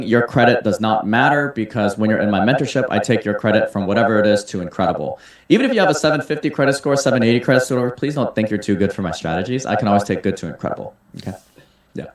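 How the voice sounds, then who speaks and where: A man hosting a live webinar, reading out audience questions and answering them in an upbeat, salesy way. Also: lowish voice. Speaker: webinar host and mentor. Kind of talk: casual webinar Q&A. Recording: roomy echo.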